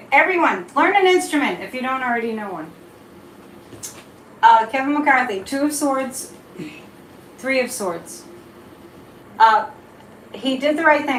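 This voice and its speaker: A woman's voice: fairly high pitch, roomy sound, slight background noise, rough recording. A woman hosting a casual psychic live stream, chatting freely, reading viewer comments aloud and drifting off topic as she reads tarot cards. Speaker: psychic livestream host.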